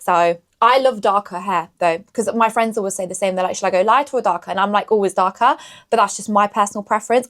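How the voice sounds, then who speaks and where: A young woman co-hosting a podcast, chatting casually and rambling with lots of fillers. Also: medium pitch. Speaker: podcast co-host. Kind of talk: casual chat.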